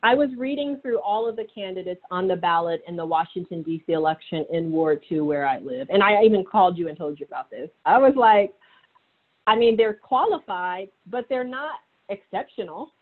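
A woman's voice: fairly low pitch, a little fast, hardly any pauses. A woman co-hosting a call, speaking in an earnest, encouraging way. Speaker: co-host. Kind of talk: reflective talk on a call. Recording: muffled phone line.

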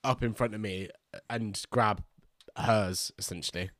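A man playing in a tabletop role-playing game, voicing his frightened character in jumpy, high bursts. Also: unhurried, fairly bright tone, dry recording, studio quality. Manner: acts out panicked character lines. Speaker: player.

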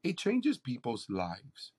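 A man's voice: medium pitch, takes it slowly, breathy edge. A man, a campus pastor, sharing a personal testimony in conversation and acting out the people in his story. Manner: animated storyteller, acts out quoted voices.

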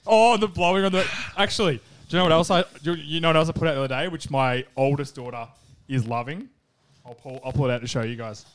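A man's voice: on the high side, fast, clean tone. A man, co-hosting a casual podcast and joking through stories about his kids. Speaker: podcast co-host. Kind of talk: casual chat.

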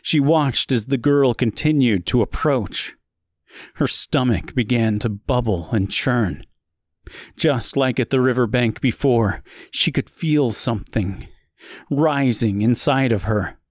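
A male narrator reading a dark tale slowly and deliberately, pausing to let each phrase land. The recording is dry and close, with no room sound. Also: mid-range voice, no room sound. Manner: slow, deliberate, dramatic pauses. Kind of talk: scripted horror story narration.

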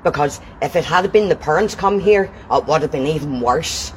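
A woman's voice: low-pitched, expressive, moderate pace. Woman, confronting and accusing, recorded on a noisy street. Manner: accusing, interrogating. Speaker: confronting vigilante. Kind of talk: heated confrontation.

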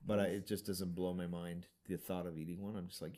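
A man's voice: low voice, level tone, brisk, dark tone. A man co-hosting a casual podcast, talking in a dry, joking way with offhand asides. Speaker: podcast co-host. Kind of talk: casual chat.

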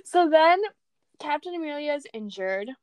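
Young woman, high voice, dry close sound, gushing and rambling, casual chat retelling a film. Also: normal speed, no room sound. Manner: excitable, rambling, laughs a lot.

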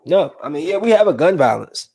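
A man with a slightly high, creaky, husky voice talks a little fast about the news in a room with a window. He reads headlines aloud in a flatter tone, then goes off on loose, conversational tangents, stopping to react and vent.

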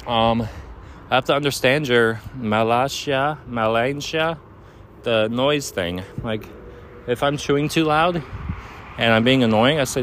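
Outdoors, with air traffic overhead, a young man rambles through an earnest, hesitant apology to his partner, a heartfelt monologue from a boyfriend. His voice is medium-pitched and a bit bright, with a little hiss or hum in the recording.

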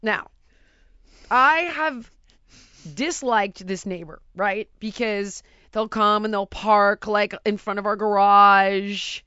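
A middle-aged woman telling a story in casual chat, animated and exasperated, acting out sounds and voices. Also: mid-range voice, takes it slowly, clean tone, no room sound, muffled recording.

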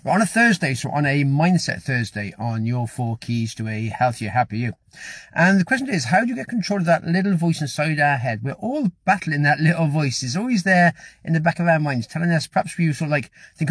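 A middle-aged man delivers an earnest motivational talk at a quick clip, circling back to the same phrases. His voice sits a touch high for a man and carries a husky edge. The sound is dry and close, with no room around it. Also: animated, no echo. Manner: rambling, earnest, repeats phrases. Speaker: motivational vlogger. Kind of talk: casual motivational talk to camera.

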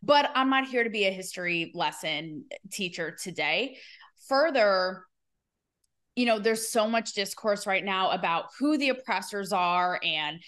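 A woman's voice: mid-range voice, animated, a little slow, fairly bright tone. A woman hosting her own podcast, giving candid, rambling, emotional commentary and fighting back tears. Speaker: podcast host.

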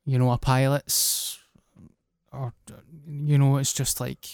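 A man's voice: mid-range voice, level tone, takes it slowly, darkish tone, smooth, no echo, studio quality. A Scottish man, a guest comedian, telling blunt, plain-spoken stories in casual chat. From Scotland.

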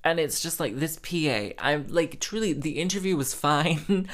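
Speaking at a normal speed in a fairly bright voice on the high side, a male podcast host rambles alone through casual stories, sprinkling in fillers and dramatic asides while making fun of himself.

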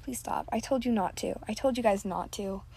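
A woman's voice: a little high, brisk, creaky, dark tone, husky. A teenage girl hosting a podcast, rambling casually, full of "like" and self-deprecating asides, on a built-in device mic. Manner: chatty, filler-heavy, self-deprecating. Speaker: podcast host.

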